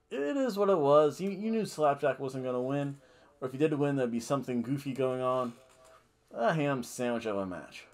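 Podcast host, man, casual rambling recap, corrects himself often, mid-pitched. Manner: rambling, self-correcting, jokey asides.

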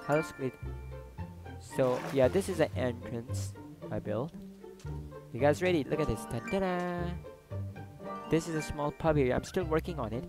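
Excitable man narrating his gameplay. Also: a little high, moderate pace, pauses often, music in the background, rough recording. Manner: excitable, loud outbursts, swears and jokes. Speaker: gaming YouTuber. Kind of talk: casual gameplay commentary.

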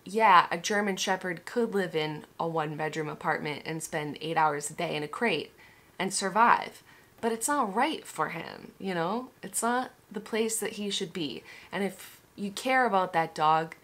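A woman's voice: lowish voice, normal speed, a bit bright. A young woman talking candidly in a casual vlog monologue, emotional and swearing freely, with frequent restarts. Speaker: vlogger.

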